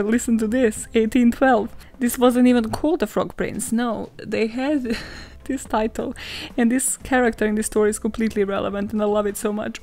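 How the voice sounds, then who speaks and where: A woman's voice: a little high, a little mellow. A young woman hosting a podcast, retelling a fairy tale in casual, sarcastic commentary full of laughs, swearing and filler words. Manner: sarcastic, laughing often, heavy swearing, lots of "like". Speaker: podcast host. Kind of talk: casual comedic storytelling commentary.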